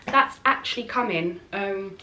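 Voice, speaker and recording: A woman's voice: mid-range voice, measured pace, sharp tone, distant mic, a little hiss or hum. A woman chatting frankly and casually while doing her makeup, rambling with fillers. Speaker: beauty vlogger.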